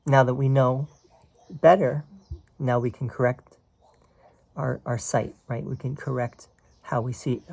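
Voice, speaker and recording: A man's voice: mid-range voice, fairly even intonation, unhurried, gravelly, pauses often, a little mellow, breathy edge. A man teaching a spiritual text in a casual, conversational way, explaining passages and often checking in with "right?". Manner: explains quoted text line by line.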